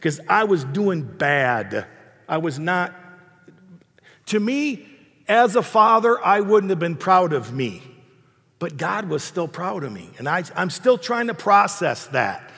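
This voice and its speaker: A man's voice: sits high, very animated, slow pace, creaky, a bit bright, husky. A man in his sixties, a pastor preaching a sermon in a conversational, self-deprecating storytelling way. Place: church hall. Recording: long reverb of a hall.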